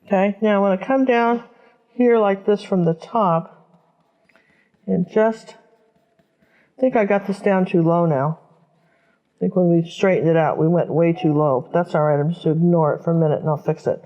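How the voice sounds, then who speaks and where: A woman's voice: lowish voice, normal speed, long pauses, muffled recording. Chatty woman teaching a painting lesson. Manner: chatty, talks while working, thinks aloud. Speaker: painting instructor.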